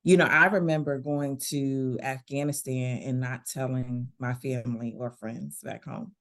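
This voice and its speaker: A woman, a guest in a casual interview, talking in a relaxed, conversational way and laughing easily. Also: rumbling low, measured pace. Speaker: guest, veteran business owner.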